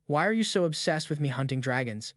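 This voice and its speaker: A man's voice: a little high, lively intonation, fast talker, no room sound, clean studio sound, natural voice. A man doing a nervous young hero. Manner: anxious, questioning. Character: young male academy outcast, nervous hero.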